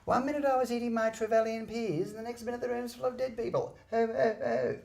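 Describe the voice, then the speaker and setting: A man imitating another man, speaking in a soft, childlike, sing-song voice. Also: very high-pitched, expressive, fast talker, gravelly, voice pushed up, heavily acted. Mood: simple.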